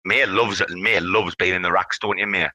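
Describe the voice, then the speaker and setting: A man hosting a casual online audio chat, talking in an animated, rambling way as he hypes up his community. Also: sits low, brisk, no room sound, low-quality recording. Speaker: host.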